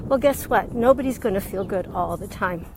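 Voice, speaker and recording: A woman's voice: medium pitch, normal speed, a little mellow, poor audio. A woman life coach talking casually while out walking, a little out of breath, chatty and frank. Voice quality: slightly out of breath. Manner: chatty and frank, laughs often. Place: outdoors on a windy street. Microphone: earbuds. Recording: wind and faint traffic noise.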